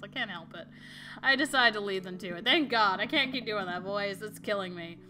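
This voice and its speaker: A woman's voice: mid-range voice, moderate pace, bright, forceful tone. A young woman hosting a let's-play, reading game dialogue aloud with giggly, self-mocking asides.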